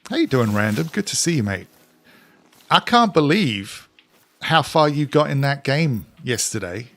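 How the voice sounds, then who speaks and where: A man's voice: medium pitch, sing-song, measured pace, fairly bright tone. A man from England with a mix of English and Scottish accent, chatting casually with viewers on a live game stream. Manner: chatty, reads out and answers chat while playing.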